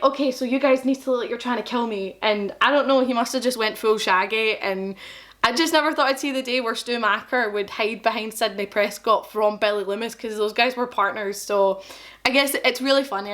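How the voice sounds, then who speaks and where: A woman's voice: fairly high pitch, a bit bright. A young woman with a Glaswegian accent, casually telling a story to camera in a self-deprecating, chatty way. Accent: Scottish, Glaswegian. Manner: chatty, self-deprecating, quotes people in dialogue. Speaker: vlogger.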